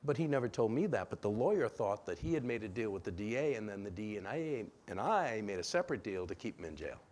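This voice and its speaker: A man from Rhode Island giving a relationship seminar in a church, animated and acting out bits of dialogue. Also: quick pace. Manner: animated, acts out dialogue with sudden pitch jumps. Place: church sanctuary.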